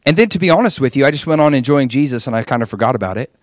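A pastor in his forties preaching a sermon, telling a personal story in an animated way and acting out his own past prayers and conversations. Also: medium pitch, very fast, no room sound, studio quality.

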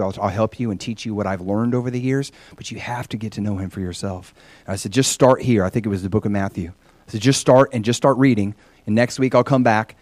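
A man's voice: lowish voice, darkish tone, no echo. A middle-aged man preaching and telling personal stories, often acting out the people he quotes. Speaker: pastor.

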